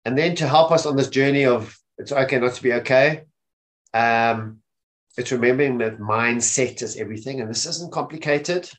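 Man, webinar presenter, mid-range pitch, informal teaching tone, checks in often. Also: moderate pace. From South Africa. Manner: repeats "okay?" often to check in with listeners. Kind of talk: informal talk on mental health. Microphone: webinar microphone.

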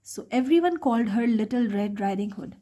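A woman reading a bedtime story aloud to children in a gentle, sing-song way. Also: on the high side, animated, fairly quick.

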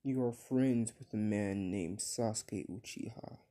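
A man voicing a stern young warrior who lays out hard truths in a flat, deliberate way, in a fan-made story. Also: on the low side, lightly acted.

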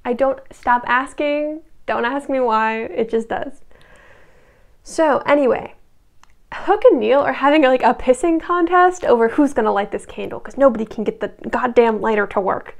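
A young woman casually recapping a TV show, chatty and sarcastic, with joking asides to the viewer and soft half-whispered remarks. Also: fairly high pitch, lively intonation, normal speed, vocal fry. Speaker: recap video host.

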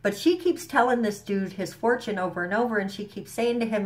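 A woman's voice: mid-range voice, fairly quick, few pauses. A woman vlogger casually recapping a TV episode, rambling with slang and fillers, a bit stuffy from allergies, at home. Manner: chatty, rambling, enthusiastic, with frequent fillers and slang.

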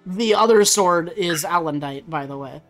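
A man's voice: a little high, normal speed, fairly bright tone, soft background music. A man guiding a friend through a let's-play, explaining the game and reading some lines in a casual, rambling way. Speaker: gaming video co-host guiding the playthrough.

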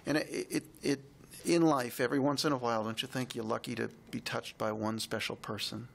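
A man co-hosting a podcast, telling a heartfelt personal story in a reflective, halting way. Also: mid-range voice, steady tone, gravelly, a little hiss or hum. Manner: reflective, halting, emotional retelling.

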